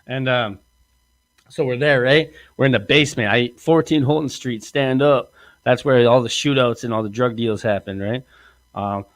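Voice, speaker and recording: A man's voice: medium pitch, no room sound. A man hosting a podcast, telling a crude comic story in a rambling way and laughing often. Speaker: podcast host.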